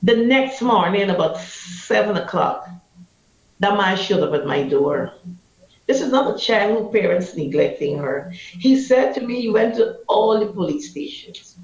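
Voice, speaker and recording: An anti-trafficking activist with a Guyanese accent tells her emotional personal story in an interview, fierce and vivid, acting out the voices of those she quotes. Her medium-pitched voice is gravelly and creaky, with lively intonation and a slightly slow pace. The recording is roomy and a little muffled.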